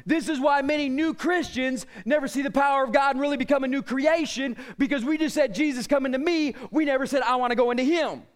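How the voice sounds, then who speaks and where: A middle-aged man preaching a sermon, fervent, rising to shouts and dropping low. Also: fast, few pauses. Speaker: pastor.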